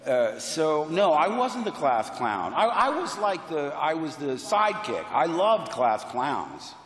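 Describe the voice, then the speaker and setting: Over a convention hall PA with spacious reverb, a sixties-aged American man on a panel tells lively stories, cheerful and eager, often poking fun at himself. His slightly high voice has a sing-song lilt and moves at a measured pace.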